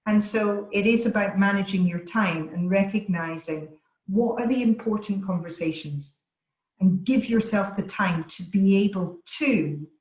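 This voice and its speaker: Emphatic woman voice coach, echoey room. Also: lowish voice. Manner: emphatic, energetic coaching delivery with deliberate stress on words. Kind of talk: webinar Q and A answers. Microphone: video call.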